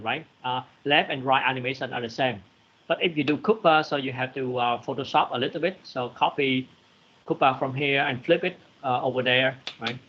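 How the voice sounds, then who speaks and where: A man teaching a programming class over a video call, talking haltingly with many fillers. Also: mid-range voice, slightly rough. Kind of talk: online programming class lecture. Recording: muffled lo-fi video call audio.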